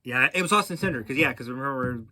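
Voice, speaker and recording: Man, podcast host, casual racing talk, rambling with fillers, bright voice, dry close sound. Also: medium pitch, expressive, quick pace, dry recording. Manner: rambling, with frequent fillers and restarts.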